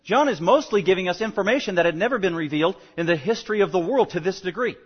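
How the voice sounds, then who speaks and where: A male pastor delivering a verse-by-verse sermon, his fairly high voice pushing hard on key words and swelling with emphasis. The recording is muffled and lo-fi. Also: animated, fast talker, breathy edge. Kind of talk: expository sermon.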